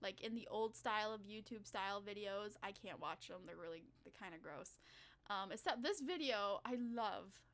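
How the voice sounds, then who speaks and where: A woman's voice: mid-range voice, moderate pace, fairly bright tone. A young woman streamer reacting to videos in casual, rambling, profane commentary, often getting worked up. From United States. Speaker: Vtuber streamer.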